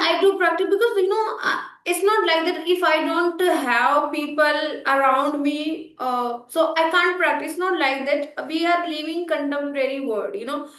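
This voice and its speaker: Young woman, English practice chat, halting and unsure, high voice. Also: fairly bright tone, roomy sound. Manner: hesitant, many fillers and restarts. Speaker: English learner in a practice conversation. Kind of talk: casual spoken English practice.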